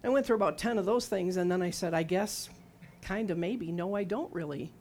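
A woman in her sixties preaches briskly in a low-leaning, slightly mellow voice, telling her testimony conversationally. She asks the listeners questions and performs quoted words, both hers and God's.

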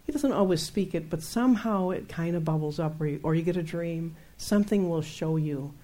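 Mellow-voiced woman giving lively Bible talk. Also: on the low side, brisk. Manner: animated, laughs often, acts out her own outbursts. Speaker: Christian teacher. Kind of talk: conversational Bible teaching.

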